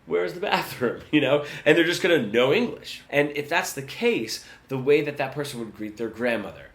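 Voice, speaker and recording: A man teaching guitar in a relaxed, conversational lesson, often checking in with "right?". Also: medium pitch, normal speed. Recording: roomy sound with guitar.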